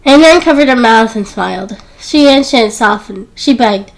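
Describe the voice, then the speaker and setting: A woman's voice: a little high, expressive, moderate pace, creaky, rough recording. A woman reading a romance novel aloud as an audiobook narrator, raising her voice for the quoted characters. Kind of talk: scripted narration.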